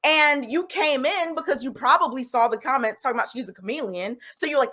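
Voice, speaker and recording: A woman's voice: high-pitched, a little fast, few pauses, pushed and bright. A woman co-hosting a heated panel debate, exasperated and repeating herself.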